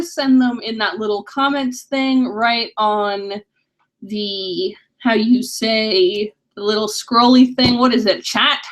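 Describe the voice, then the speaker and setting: A woman hosting a live stream, chatting casually and upbeat as she reads viewer questions and thinks aloud. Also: high voice. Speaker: livestream host.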